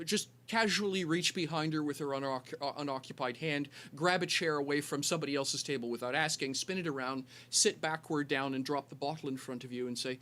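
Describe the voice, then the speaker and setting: A man's voice: on the high side, pushed and bright. A man narrating a tabletop game as game master, rambling with many fillers and restarts.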